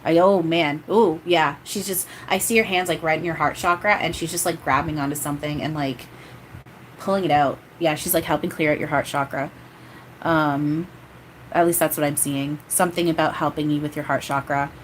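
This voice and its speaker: A woman's voice: low voice, steady tone, moderate pace, a little hiss or hum, rough recording. A woman doing a live-streamed spirit reading as a medium, rambling and hesitant with many fillers. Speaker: psychic medium.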